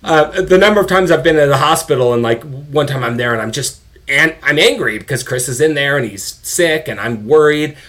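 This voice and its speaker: Middle-aged man, interview guest, candid and animated storyteller. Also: on the high side, fairly quick, few pauses. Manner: animated, swears, quotes people in their own voices. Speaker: guest, father of an addicted son.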